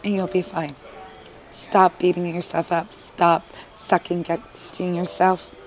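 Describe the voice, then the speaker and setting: A woman's voice: lowish voice, level tone, slow, poor audio. A woman, a mother of three boys, giving an earnest, emotional interview testimonial with frequent filler words.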